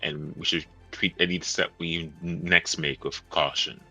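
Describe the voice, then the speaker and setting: A man's voice: low-pitched, steady tone, unhurried, pushed and bright, breathy edge, soft background music. A man playing in a tabletop game, joking defensively and laughing a lot. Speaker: player. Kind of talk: casual table banter.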